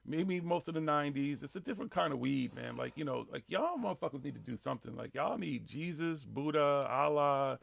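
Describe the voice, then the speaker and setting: A man's voice: on the high side, animated, fairly quick, gravelly, few pauses. A man hosting a live radio show in casual chat, profane and ranting with laid-back slang.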